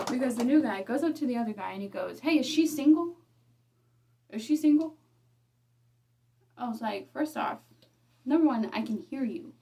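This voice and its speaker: A woman's voice: a little high, darkish tone, recorded from a distance. A young woman venting frankly in a get-ready-with-me chat, swearing often and checking in with "okay?". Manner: frank, swears freely, keeps saying "okay?"; ranting and exasperated. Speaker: vlogger.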